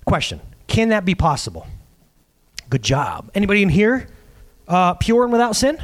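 A man preaching in a casual, conversational way, his voice sitting high and leaping up and down with emphasis. He acts out the quotes he reads. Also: big pitch swings, normal speed, pauses often. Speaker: pastor. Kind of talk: sermon.

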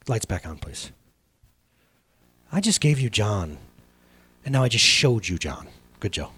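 A male pastor preaching a sermon in an energetic, emphatic, conversational way. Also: on the low side, a little slow, long pauses, slightly rough.

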